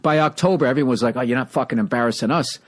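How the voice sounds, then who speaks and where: A man with a Boston accent talks in a loose, profane, animated way, hosting a podcast. His voice sits mid-pitched, and the sound is dry and close, with no room in it. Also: rapid-fire, dry recording. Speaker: podcast host. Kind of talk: casual chat.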